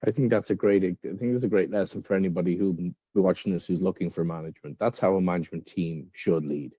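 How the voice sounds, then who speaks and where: A man's voice: low voice, fast, mellow, slightly rough, no echo. A man hosting a podcast, chatting casually with a longtime friend and guest. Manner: friendly, wrapping up with thanks. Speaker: podcast host.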